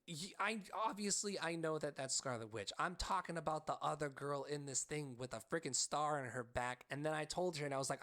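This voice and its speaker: Animated, excitable male podcast storyteller. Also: on the high side, brisk, hardly any pauses. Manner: frequent "like" fillers. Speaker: podcast co-host. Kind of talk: casual storytelling chat.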